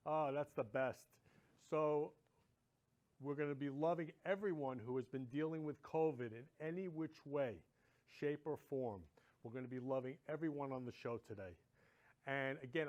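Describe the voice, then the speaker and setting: Man, host, slightly high voice, effusive, repeats himself, middle-aged. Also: a little mellow, highs cut off. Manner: gushing, effusive and repetitive. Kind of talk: casual monologue to viewers.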